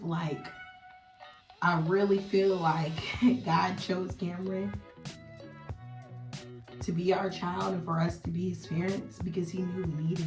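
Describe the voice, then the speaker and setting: A young woman with a slightly low voice recounts a personal story in a casual, animated storytime. She speaks in an echoey room with faint music playing underneath. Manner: animated, chatty, acts out dialogue. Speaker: vlogger.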